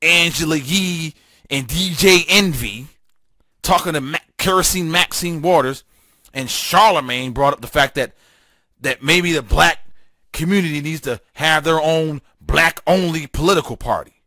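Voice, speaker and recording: A man's voice: on the high side, a little slow, sharp tone, dry recording, clean studio sound. A man hosting a political talk show, delivering a fiery, emphatic solo monologue full of repetition and stammered restarts.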